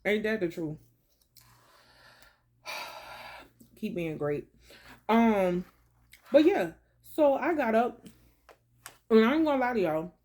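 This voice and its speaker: A woman's voice: fairly high pitch, expressive, takes it slowly, pauses often, a little mellow. Chatty woman vlogger telling a story. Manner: chatty, slangy storytelling, addresses viewers as baby and y'all; eating while talking. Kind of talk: casual chat to camera.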